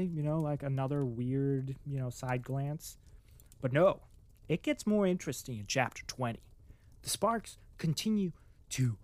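Excitable reader chatting about a novel. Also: mid-range voice, moderate pace, dry recording. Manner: excitable, many filler "like"s, acts out its own reactions. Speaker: reader of a classic novel, then commentator. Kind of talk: reading aloud, then casual book commentary.

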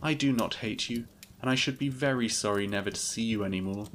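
A man voicing an earnest, gentle young woman in a storybook reading, lifting his voice softly. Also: a little fast, a little hiss or hum, close to an everyday voice. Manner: raised pitch, soft and pleading.

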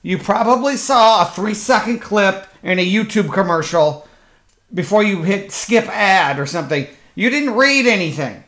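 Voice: mid-range voice, expressive, normal speed, a bit bright. A podcast host ranting sarcastically and with profanity in a solo comedic monologue, rambling along and slipping into mocking voices. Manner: rambling, with fillers and restarts.

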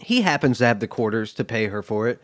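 Lively-voiced man chatting about movies. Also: medium pitch, fast, dry recording, clean studio sound. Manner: laughing, swearing, restarts mid-sentence. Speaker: podcast co-host. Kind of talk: casual movie chat.

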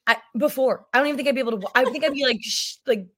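A woman in her thirties with a high-pitched, slightly bright voice talks very fast. She's a guest on a podcast, chatting casually, rambling, tripping over her sentences and laughing often.

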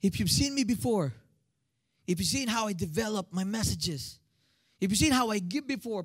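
Filipino male pastor in his thirties, higher-pitched, animated preacher who prods the congregation to respond. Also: normal speed. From Philippines. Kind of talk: sermon.

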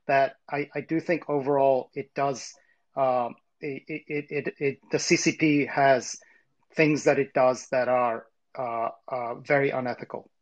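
A man's voice: mid-range voice, steady tone, measured pace, highs cut off. A man in a casual live audio chat, careful and hedging, stammering as he qualifies his views.

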